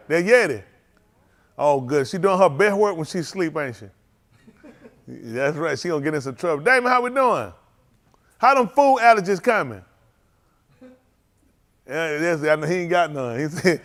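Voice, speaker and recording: A man's voice: high voice, animated, normal speed, long pauses, a bit bright. A man, leading a congregation and greeting livestream viewers by name in a joking, teasing, casual way. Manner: joking, teasing, calls out names.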